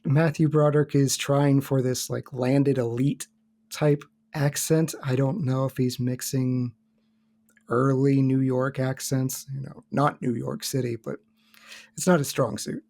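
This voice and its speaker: A man speaking as a guest on a podcast. His voice has a mellow, dark tone at a middle pitch. He lays out his points in a calm, measured, explanatory way. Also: gravelly. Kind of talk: casual podcast discussion.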